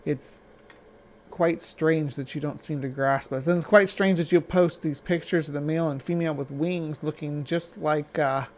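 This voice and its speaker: Argumentative man with a slightly high voice. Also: fairly even intonation, a little mellow, a little hiss or hum. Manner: argumentative, halting with many restarts and fillers. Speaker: stream host reacting to a video. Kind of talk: live-stream reaction commentary.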